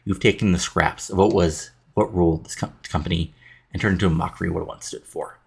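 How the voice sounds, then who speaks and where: A man voicing a grim, defiant wrestler who speaks in a low, gravelly, husky tone and delivers every line flatly, as though reading a script. It sounds like a game's story scene read aloud. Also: quick pace, exaggerated voice.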